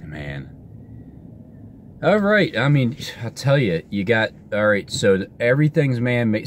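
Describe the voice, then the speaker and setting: Man, rambling vlog monologue, excitable, lively up-and-down pitch, outdoor traffic noise. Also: unhurried. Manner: rambling, excitable, with many restarts and fillers. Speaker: vlogger. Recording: outdoor street noise with passing cars.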